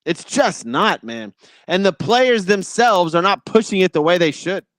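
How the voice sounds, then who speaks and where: A man's voice: high-pitched, animated, unhurried, a bit bright, no room sound, clean studio sound. A man hosting a sports talk show, giving a casual, opinionated monologue in a blunt and exasperated way.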